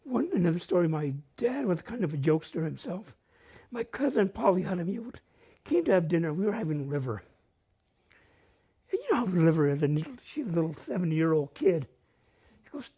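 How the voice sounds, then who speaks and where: A man with a northern New Mexico accent tells family stories at a live open mic, his voice swinging up and down as he acts out relatives. The tone is mellow and rather husky, and he drops easily into Spanish phrases. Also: sits high, sing-song, a little fast. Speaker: storyteller at a community open mic. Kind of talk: live personal storytelling. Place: library event space, live.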